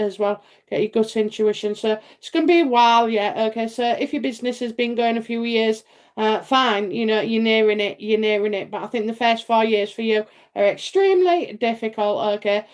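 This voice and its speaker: A middle-aged British woman gives a psychic reading on a casual live stream. She talks in a slightly high voice and rambles, with plenty of "uh"s and "okay?"s along the way. She laughs easily as she chats. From United Kingdom. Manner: chatty and rambling, many fillers and tag questions; laughs often.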